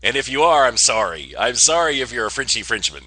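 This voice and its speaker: A man's voice: mid-range voice, big pitch swings, brisk, bright, forceful tone, no room sound. A man hosting his own online show, talking casually and joking his way through news stories with rambling asides. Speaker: podcast host. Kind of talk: casual comedic monologue.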